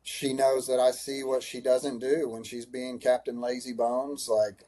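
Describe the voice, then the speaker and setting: A man, a high school running coach, answering in a podcast interview, earnest and emotional, with many restarts. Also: little pitch movement, a little slow, mellow, slight background noise.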